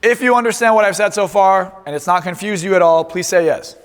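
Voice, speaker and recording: In an echoey, large seminar hall, a male presenter with a high voice tells a brash, profane comic story to a live crowd, speaking a little fast.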